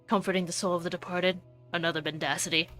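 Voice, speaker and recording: A woman voicing a scornful, cold older male scientist in a game, speaking in a contemptuous, measured, clipped way. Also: on the low side, little pitch movement, fairly bright tone, soft background music, lightly acted.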